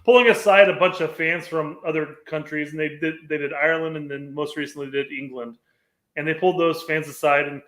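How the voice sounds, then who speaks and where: Sex: man. Role: podcast co-host. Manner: chatty, repeats words. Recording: roomy echo. Pitch: slightly high. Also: fairly even intonation, brisk, a bit bright. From United States. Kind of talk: casual sports chat.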